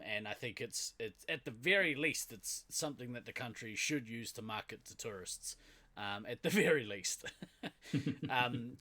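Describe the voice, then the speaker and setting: A man's voice: medium pitch, pushed and bright. A man from New Zealand with a Kiwi accent, co-hosting a podcast in casual chat, laughing often and using lots of fillers. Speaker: podcast co-host.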